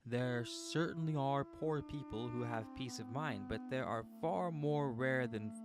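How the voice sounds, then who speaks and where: A man of middle pitch hosts a livestream, reading a book aloud and stopping often for playful, chatty asides to his viewers. Guitar music plays clearly behind his voice. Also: takes it slowly.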